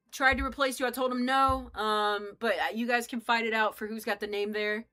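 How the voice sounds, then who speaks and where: Young woman game streamer, bright and forceful tone, loose rambling chatter, cusses freely, talks straight to chat. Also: a little high, steady tone, fairly quick, few pauses, soft background music. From United States. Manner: rambling, joking, swears freely, chats with viewers. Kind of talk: casual live-stream chat while playing.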